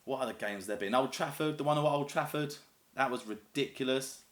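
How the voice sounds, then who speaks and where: A man's voice: medium pitch, brisk, fairly bright tone. Chatty southern English guy in an echoey room. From North East England, raised in the south of England. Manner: chatty, rambling and enthusiastic, lots of fillers. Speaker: YouTuber. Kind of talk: casual chat to camera.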